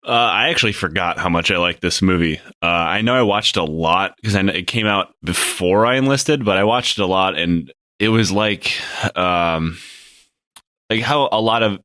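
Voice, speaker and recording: A man's voice: low voice, moderate pace, sharp tone, no room sound. A male podcast guest and former serviceman, talking candidly and wryly about a film, with some "uh" and "um". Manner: candid, wry, with fillers. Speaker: podcast guest, military veteran. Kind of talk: casual conversation.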